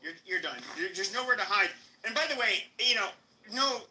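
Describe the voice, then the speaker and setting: A man's voice: high-pitched, expressive, fairly quick, pushed and bright, poor audio. A man with an American accent hosting a live podcast stream, taunting and cursing at a rival in a heated rant. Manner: aggressive, taunting, profane. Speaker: podcast host.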